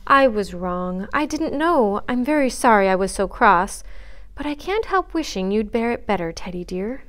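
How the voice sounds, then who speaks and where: A woman's voice: fairly high pitch, animated, normal speed, a bit bright, smooth. A woman reading as Amy, earnestly scolding. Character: earnest young woman, frank and observant. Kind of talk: read-aloud storybook dialogue.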